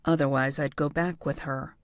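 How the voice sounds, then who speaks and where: A woman narrator voicing a shy, gentle man with a soft, hesitant way of talking, in a lowered voice. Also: steady tone, normal speed, no room sound, clean studio sound, lightly acted. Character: shy, gentle young man, kind dog owner.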